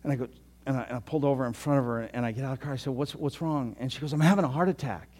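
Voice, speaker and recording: A pastor in his sixties telling a story in a sermon, chatty, often repeating himself and dropping to a soft voice. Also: medium pitch, steady tone, very fast. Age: 60s. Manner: conversational, repeats words, drops to soft tones.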